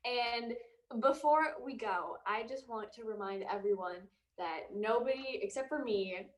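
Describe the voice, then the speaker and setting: A woman doing improv comedy as a small-town admin on a video call, halting and full of ums. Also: fairly high pitch. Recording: echoey room, far from the mic.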